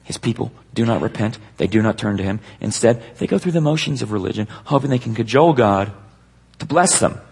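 A man preaching a sermon to a live congregation, with an emphatic, slow, dramatic delivery. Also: medium pitch, lively intonation, creaky, a little mellow, husky.

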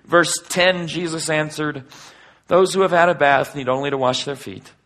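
A man preaching a sermon and reading scripture aloud. He swings between loud, forceful emphasis and hushed, near-whispered passages. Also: fairly high pitch, steady tone, normal speed. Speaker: pastor.

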